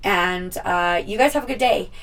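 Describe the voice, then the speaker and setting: A young woman vlogger tells her viewers a story in a casual, chatty way, swearing freely and acting out what people said. Her voice is on the low side and fairly bright, at normal speed, and she's far from the mic.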